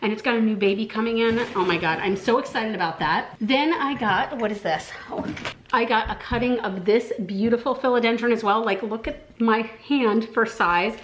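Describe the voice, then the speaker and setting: Woman, Southern accent, casual vlog chat, gushing, excitable, fairly high voice. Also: moderate pace, a little hiss or hum. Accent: American Southern. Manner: gushing, excitable, many fillers. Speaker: vlogger.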